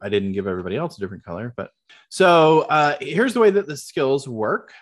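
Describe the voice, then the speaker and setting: A man's voice: mid-range voice, very animated, brisk. A man running a tabletop game as game master, explaining rules patiently with lots of fillers.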